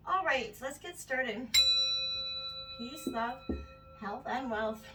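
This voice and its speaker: A woman's voice: high voice, expressive, takes it slowly, recorded from a distance, music in the background, low-quality recording. A woman giving a casual tarot reading, a little out of breath, meandering and full of "you know" and "right?". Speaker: tarot reader.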